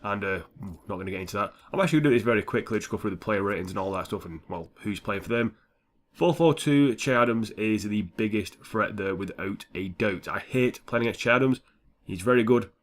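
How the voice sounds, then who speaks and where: A young man commentating his own football video game, sweary and excitable, dropping to mutters and jumping to shouts. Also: on the low side, brisk. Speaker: gaming YouTuber. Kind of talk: gameplay commentary.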